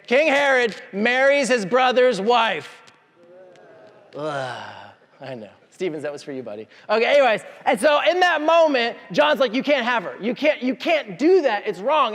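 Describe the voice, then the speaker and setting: A pastor with a high voice preaches a lively sermon. He acts out the people in his story and jokes with the congregation. His voice rings out with the long reverb of a church hall. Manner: animated storytelling, acting out voices.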